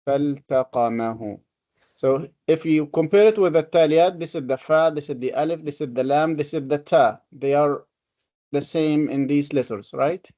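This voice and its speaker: A man's voice: fairly high pitch, normal speed, dark tone, dull audio. A man teaching a classroom lesson on Quranic reading. He talks patiently, explains step by step and repeats his examples. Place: classroom with a board.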